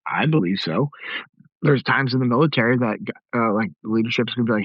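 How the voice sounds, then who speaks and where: A man's voice: mid-range voice, a little fast, no room sound, highs cut off. A middle-aged man hosting a podcast, telling stories in a direct, conversational way. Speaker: podcast host. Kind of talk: casual podcast talk.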